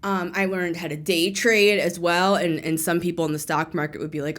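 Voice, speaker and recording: A woman's voice: fairly low pitch, steady tone, normal speed, few pauses. A young woman hosting a tarot channel, talking casually and rambling, correcting herself and laughing between thoughts. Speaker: tarot reader and channel host. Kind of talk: casual spiritual talk to camera.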